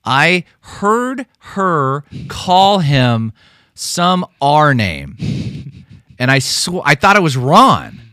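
Animated man telling a rambling story. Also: a little high, extremely slow, no room sound, studio quality. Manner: rambling storytelling with many fillers and restarts. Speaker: podcast co-host. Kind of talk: casual podcast chat.

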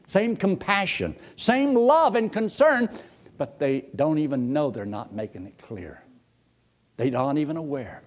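Lively folksy male preacher. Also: medium pitch, slight background noise. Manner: animated, chuckling, folksy, talks straight to the congregation. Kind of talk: storytelling sermon to a congregation.

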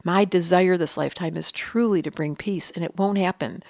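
A woman's voice: lowish voice, moderate pace, creaky, dry recording, studio quality. An older woman, an astrologer guest on a podcast, talking casually and acting out the people in her stories. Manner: animated storyteller, acts out quotes.

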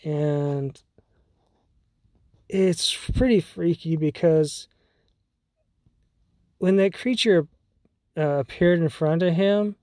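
A man's voice: fairly high pitch, dark tone, dry recording, studio quality. A man hosting a podcast, telling a story in a casual, rambling way with many fillers and restarts. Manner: rambling, full of fillers and restarts, laughs often. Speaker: podcast host.

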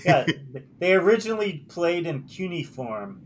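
A man's voice: high-pitched, very animated, moderate pace, slight background noise, poor audio. A man hosting a casual podcast chat, joking and laughing often. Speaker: podcast host.

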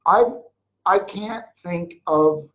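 Slow-talking older mentor pitching a jewelry biz, rambly stories, gets loud out of nowhere. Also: muffled recording. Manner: rambling storytelling with sudden loud bursts; mocks whiners in a put-on voice. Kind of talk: motivational sales talk.

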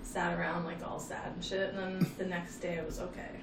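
A woman co-hosting a podcast, telling stories in an animated casual chat, saying "like" often and laughing. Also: on the low side, fairly quick, far from the mic. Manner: animated storytelling, laughing, frequent "like". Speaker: podcast co-host. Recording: roomy, off-mic, noisy.

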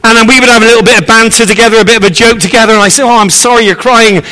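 High, bright-voiced preacher in an echoing church. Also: male voice, fairly even intonation, racing. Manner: earnest and encouraging, repeats key phrases. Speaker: visiting preacher. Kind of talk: sermon. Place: church sanctuary. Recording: echoey church hall.

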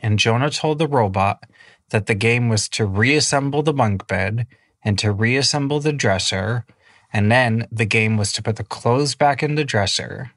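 A man's voice: mid-range voice, normal speed, fairly bright tone, dry recording, studio quality. Man improvising a kids' story. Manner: casual, many fillers, rambling. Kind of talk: improvised children's bedtime story.

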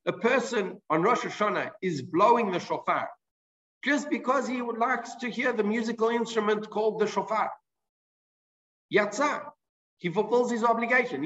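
High-voiced man teaching Talmud. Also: moderate pace, a bit bright, highs cut off. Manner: reads Hebrew and Aramaic phrases, then explains them in English. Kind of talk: explanatory Talmud class.

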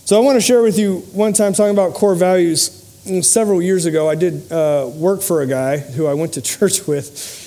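A man's voice: high voice, moderate pace, warm tone. A man giving a motivational speech to a live audience, telling personal stories in an earnest, humorous way. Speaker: motivational speaker and podcast host.

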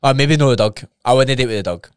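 A Scottish man co-hosting a podcast in casual chat, throwing in quick joking remarks. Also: mid-range voice, clear, resonant tone, no room sound, clean studio sound. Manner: quick-fire joking interjections. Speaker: podcast co-host.

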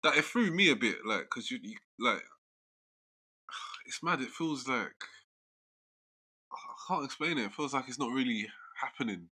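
A man's voice: medium pitch, animated, a little slow, long pauses, sharp tone, husky. A man, chatting casually and laughing through his own stories. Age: 30s. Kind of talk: casual chat.

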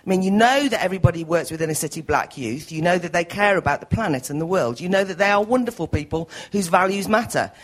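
A woman's voice: on the low side, expressive, fast talker, hardly any pauses. A woman in the audience questioning a panel, forthright and argumentative, laughing between points. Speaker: audience member asking a question. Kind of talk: question from the floor.

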